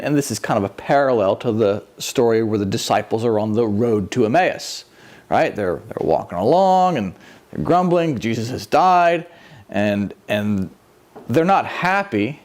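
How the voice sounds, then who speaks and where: A man's voice: mid-range voice, a little mellow. A man preaching a conversational sermon, telling the story with animation and acting out the people in it. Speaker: pastor.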